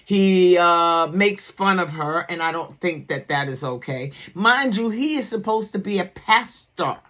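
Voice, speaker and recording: A woman's voice: lowish voice, lively intonation, a little slow, a bit bright. Sassy woman reviewing a TV series. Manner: sassy, emphatic, keeps asking "okay?" for agreement; repeats words for emphasis. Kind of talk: casual commentary.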